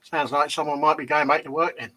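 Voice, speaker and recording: A man's voice: on the high side, fairly even intonation, fast, sharp tone, no echo. A man co-hosting a casual live stream, teasing his partner with jokey remarks. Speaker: co-host.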